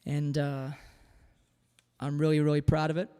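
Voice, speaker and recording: A man's voice: fairly high pitch, normal speed, smooth, big-room sound. A man from Australia whose accent carries a slight Southern US drawl, chatting casually and reading out comments as he hosts a live guitar show from home. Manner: relaxed, chatty, reads out viewer comments. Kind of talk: casual livestream chat between songs.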